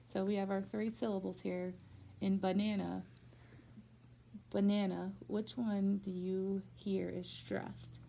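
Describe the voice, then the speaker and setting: A woman teacher giving a patient one-on-one phonics lesson in a school room, slowly stretching out words to model their syllables. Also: medium pitch, flat delivery, vocal fry, mellow, a little hiss or hum.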